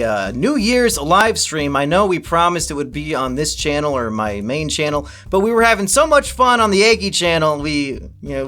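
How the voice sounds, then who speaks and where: A man hosts a comedy podcast with a high, bright voice, ribbing his guest in loose, joking banter. A constant static hiss runs under the recording, and faint music can be heard behind him. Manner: jokey, teasing. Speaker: podcast host.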